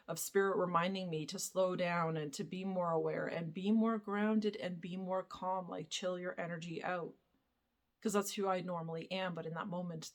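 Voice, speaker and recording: A young adult woman vlogging, telling a personal story in a chatty, casual way with lots of fillers and casual swearing. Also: fairly low pitch. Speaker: spiritual vlogger.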